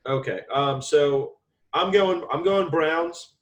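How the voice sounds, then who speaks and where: A young man with a slightly raised pitch co-hosts a sports podcast in loose, joking chat. He rambles through his picks and argues with the others over the calls. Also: slow, a bit bright, low-quality recording. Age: young adult. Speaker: co-host.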